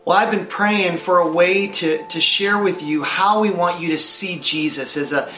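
Older man, pastor delivering a sermon; high voice, earnest, restarts his words; roomy echo, faint music underneath. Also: normal speed, bright, forceful tone. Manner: earnest, repeats words as he speaks.

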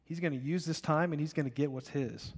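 A man putting on a sly lying servant, his voice lifted higher and wheedling. A long hall reverb follows every word. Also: fairly quick.

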